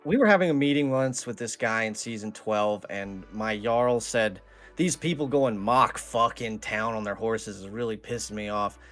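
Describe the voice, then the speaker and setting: A man's voice: fairly low pitch, moderate pace, fairly bright tone, faint music behind. A man being interviewed on a live stream, talking casually with dry humor and easy swearing. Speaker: interview guest, roleplay server staff.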